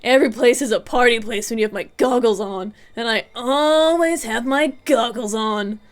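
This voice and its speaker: A woman voicing a loud, flamboyant male party guy in goggles, in a put-on accent. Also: a little high, normal speed, lightly acted.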